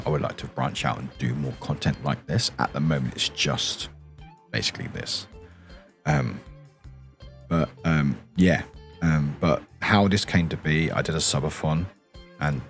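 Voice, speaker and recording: A man chatting softly on a stream in his deep morning voice, rambling and chuckling often. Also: lively intonation, moderate pace, creaky, faint music behind. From England. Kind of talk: soft-spoken casual stream chat.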